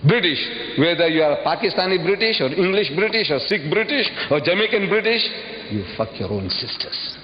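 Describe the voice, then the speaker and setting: A man giving an impassioned public lecture, emphatic and full of rhetorical questions, his voice leaping into sudden high bursts. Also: big pitch swings, normal speed. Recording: dull old recording, long hall reverb, faint hiss.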